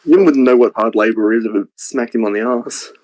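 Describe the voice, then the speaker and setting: A man's voice: mid-range voice, fairly quick, a little mellow, no echo, low-quality recording. A man bantering on a stream, blunt and crude as he trash-talks his friend.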